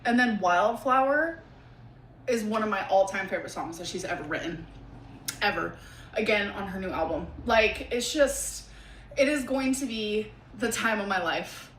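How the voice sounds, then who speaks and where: Woman vlogger, gushing and excitable, recorded in a roomy space with faint background hiss. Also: mid-range voice, normal speed. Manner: gushing, excitable, full of fillers. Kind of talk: casual vlog talk to camera.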